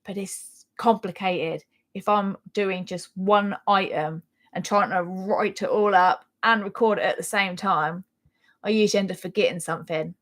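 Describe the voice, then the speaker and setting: A chatty woman with a Norfolk accent, talking casually on a live stream. She rambles in a friendly, self-deprecating way and laughs between thoughts. Her pitch sits in an ordinary middle range. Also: steady tone, moderate pace. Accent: Norfolk English. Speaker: crochet channel host.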